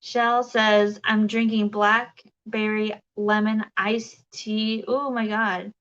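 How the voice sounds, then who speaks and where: A woman's voice: medium pitch, level tone, slow, a bit bright, highs cut off. A woman hosting a casual crafting livestream, chatting and reading viewer comments, rambling with many fillers and restarts.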